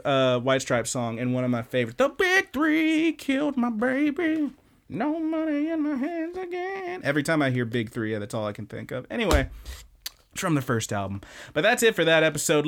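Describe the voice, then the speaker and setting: A man's voice: medium pitch, a bit bright. A young man co-hosting an anime podcast, casually recapping episodes with loose, profane chatter. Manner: loose, profane, does quick silly character voices. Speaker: podcast co-host.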